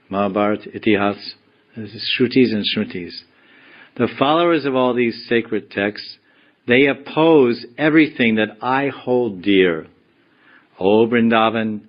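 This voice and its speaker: Low-voiced guy giving a slow meditative devotional class, kinda dull lo-fi sound. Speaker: spiritual teacher.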